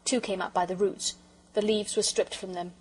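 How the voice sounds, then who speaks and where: A woman narrating a children's audiobook with expressive storytelling. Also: mid-range voice, normal speed, slightly rough, poor audio.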